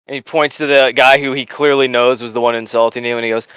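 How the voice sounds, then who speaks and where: A man narrating as game master of a tabletop game, storytelling in a lively way with fillers. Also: mid-range voice, quick pace, few pauses, smooth, no echo, rough recording.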